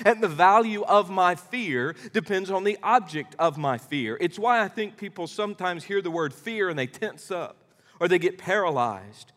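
Folksy preacher with a high voice. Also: male voice, normal speed. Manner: animated storytelling preacher, folksy and emphatic. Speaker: pastor. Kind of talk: sermon. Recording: long hall reverb.

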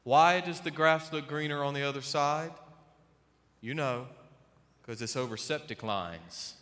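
A male pastor preaching with emphasis and dramatic pauses, his high, bright, forceful voice rising and dropping in volume. The long reverb of a large sanctuary follows each phrase. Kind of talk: sermon.

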